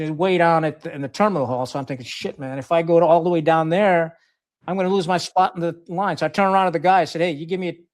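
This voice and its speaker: Candid storytelling man, slightly high voice. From Pakistan. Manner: frank, profane, many fillers and restarts. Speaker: podcast guest, retired Marine officer. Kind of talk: casual storytelling interview.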